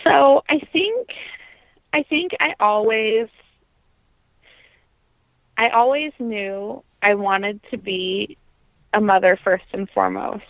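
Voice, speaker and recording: A woman's voice: mid-range voice, slow, long pauses, dry recording. A woman in her thirties, a guest on an interview podcast, telling her story in an earnest, reflective way with frequent ums. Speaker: podcast guest, opera singer. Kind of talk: conversational interview. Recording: tinny phone-like line.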